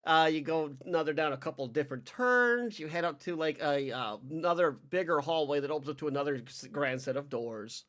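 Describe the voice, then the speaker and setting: A man's voice: fairly high pitch, brisk, few pauses, fairly bright tone. A man narrating as game master of a tabletop game, rambling with many restarts.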